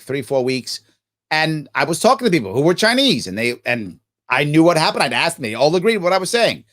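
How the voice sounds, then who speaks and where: A middle-aged man hosts a live Q&A stream, reading out viewer questions and answering each with passion. His voice is fairly high and a little bright.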